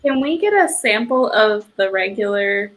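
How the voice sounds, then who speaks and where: A woman's voice: medium pitch, expressive, moderate pace, a little hiss or hum, low-quality recording. A woman who is a guest on a stream, chatting casually and telling playful stories while she laughs. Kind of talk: casual chat.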